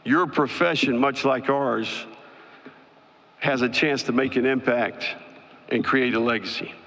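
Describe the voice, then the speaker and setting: A man who is a college football head coach giving a measured opening statement at a press conference. He lists his points one by one, with a few "you know" fillers. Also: medium pitch, fairly bright tone. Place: large conference hall at a media event. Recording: long hall reverb.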